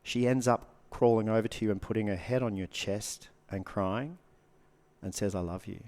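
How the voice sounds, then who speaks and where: A man's voice: on the low side, fairly even intonation, moderate pace, a little mellow. A man, a guest coach giving earnest advice in casual podcast talk, repeating short punchy phrases.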